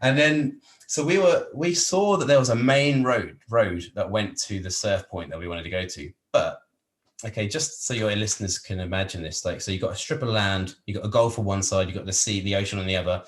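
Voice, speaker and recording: An English man with a fairly low voice, spinning a rambling travel story as a podcast guest. He talks in a loose, animated way, doubling back on himself and laughing often. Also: brisk. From England. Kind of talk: casual anecdotal storytelling.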